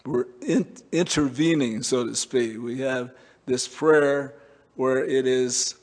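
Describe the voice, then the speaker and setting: A man's voice: mid-range voice, measured pace, a little mellow, big-room sound. A male preacher delivering a conversational sermon, with many fillers and restarts.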